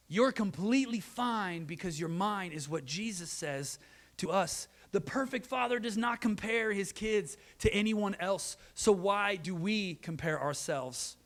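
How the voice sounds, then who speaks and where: A man in his thirties preaching a sermon, earnest, moving between loud emphasis and quiet, soft asides. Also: high voice. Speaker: pastor.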